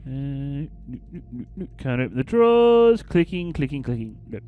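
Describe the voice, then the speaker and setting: A man's voice: medium pitch, sing-song, moderate pace, narrow, tinny audio, slight background noise. A man hosting a let's play, commenting casually and reading game text aloud in a theatrical storytelling way. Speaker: gaming channel host.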